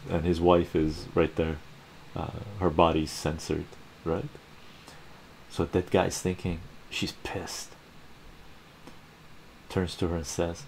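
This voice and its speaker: A man hosting a relaxed ASMR comic reading, laid-back and chuckling often. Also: sits low, gravelly, a little hiss or hum. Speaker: channel host reading comics.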